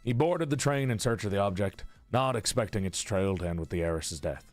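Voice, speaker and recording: A man voicing a young male scholar of esoteric relics, introducing himself in a tabletop game in a measured way. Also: on the low side, soft background music, pitched below the performer's own voice, close to an everyday voice. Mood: composed.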